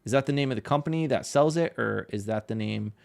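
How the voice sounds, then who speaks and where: A man's voice: mid-range voice, quick pace, creaky, darkish tone. A man with a Northeastern American accent, chatting casually with his livestream audience while drawing. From Connecticut, USA. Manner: chatty, reads chat aloud, laughs often. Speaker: livestreaming artist.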